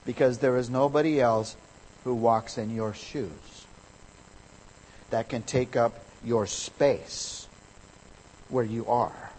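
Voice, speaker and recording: A man preaching a sermon as a pastor, emphatic, his voice swelling louder on key words. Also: mid-range voice, takes it slowly, pauses often, a little hiss or hum, low-quality recording.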